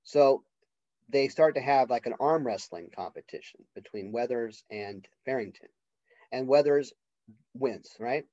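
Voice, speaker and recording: A man's voice: mid-range voice, mellow, dry recording. Man lecturing casually, dull lo-fi sound. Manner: conversational, acts out characters' lines in quick voices. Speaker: college literature professor.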